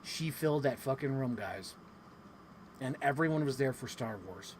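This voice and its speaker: A man telling a casual vlog story, animated and excitable, swearing freely and acting out what people said. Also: normal speed, slight background noise. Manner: animated, swears freely, acts out quotes with big pitch jumps. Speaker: vlogger.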